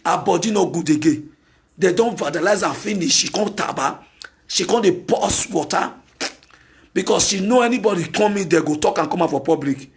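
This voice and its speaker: Hosting a talk show, a Nigerian-accented man delivers an opinionated monologue, emphatic and repetitive, with bursts of shouting. His voice is high, with vocal fry, and he speaks at a normal speed.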